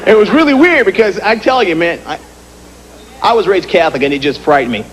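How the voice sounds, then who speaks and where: A male stand-up comedian performing on a comedy club stage, with a punchy, animated delivery and frequent impressions of people. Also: sits high, fairly quick, a little hiss or hum. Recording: live club, loud crowd and music.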